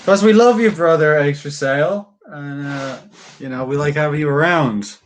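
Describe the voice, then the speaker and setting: A man's voice: on the high side, normal speed, slight background noise. Laid-back swearing young man streaming. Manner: swears freely, chats with viewers while carving. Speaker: livestreamer. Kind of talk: casual livestream chat.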